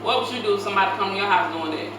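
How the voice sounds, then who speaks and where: A woman's voice: mid-range voice, racing. A woman co-hosting a casual reaction chat, speaking bluntly and casually with heavy use of "like.". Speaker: co-host, host's sister. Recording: echoey room, mic at distance, faint noise.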